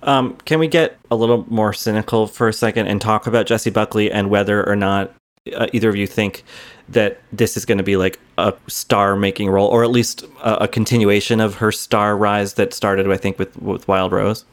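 A man adds dry, cynical remarks to a film discussion. He hesitates and trails off. His voice sits a bit low. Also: fairly even intonation, moderate pace. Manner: wry, hesitant, trails off with fillers. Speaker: podcast panelist.

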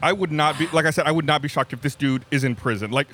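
A man's voice: on the high side, fairly bright tone. A man co-hosting a podcast, chatting casually with frequent restarts and fillers. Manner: halting, many restarts. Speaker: podcast co-host. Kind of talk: casual chat.

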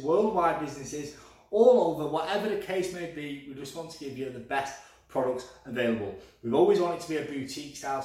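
A man who owns a shop, chatting enthusiastically on a podcast and repeatedly calling his listeners guys. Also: medium pitch. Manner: enthusiastic, repetitive, keeps addressing listeners as guys. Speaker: shop owner promoting his store on a podcast. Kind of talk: promotional podcast chat. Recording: echoey room, far from the mic, music behind.

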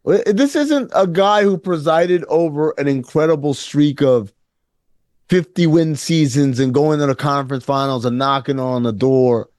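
A man co-hosting a casual sports talk show, animated and sarcastic, often acting out quotes in mock voices. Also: fairly high pitch, measured pace, no echo, studio quality. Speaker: podcast co-host.

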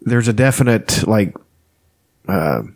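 Animated rambling man. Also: fairly low pitch, slow, no room sound. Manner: rambling, laughs often, profane. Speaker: podcast co-host. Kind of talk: casual chat.

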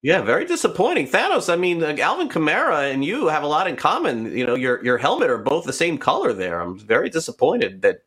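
A man's voice: on the high side, huge pitch swings, brisk, few pauses, fairly bright tone, husky. A man hosting a sports talk podcast, playfully quizzing his guest. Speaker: host.

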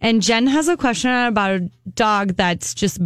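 A woman co-hosting a call-in radio show, tossing in playful, quick short replies and introducing callers. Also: a little high, expressive, smooth, no room sound, studio quality. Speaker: radio co-host. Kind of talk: casual radio banter.

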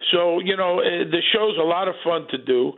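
Guy guest on a call, chatty storyteller, high-ish voice, lo-fi phone sound. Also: moderate pace. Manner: storytelling, lots of fillers. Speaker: actor and guest. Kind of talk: casual chat.

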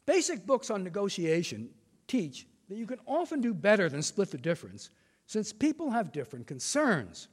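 Older male lecturer, high lively voice, reverberant lecture hall. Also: husky. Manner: measured, reads quotations with emphasis. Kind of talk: formal prepared lecture.

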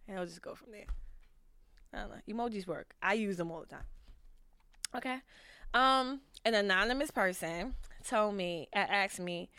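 A woman's voice: medium pitch, normal speed, pauses often, sharp tone, clear, resonant tone, no room sound. A woman vlogger giving frank, rambling advice to viewers in a casual chat, full of fillers and restarts. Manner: frank and profane. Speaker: vlogger answering viewer questions.

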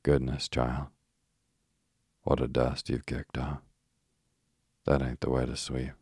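A man's voice: a bass voice, completely flat delivery, slow pace, vocal fry, a little mellow, husky, dry recording, studio quality, exaggerated voice. A man voicing a deaf, fussy, kindly old village woman in a bedtime story, with homely country talk.

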